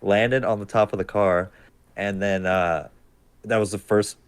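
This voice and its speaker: A man's voice: on the low side, steady tone, unhurried, clear, resonant tone, no echo. A man co-hosting a casual gaming podcast, telling a rambling story with restarts and swearing. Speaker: podcast co-host.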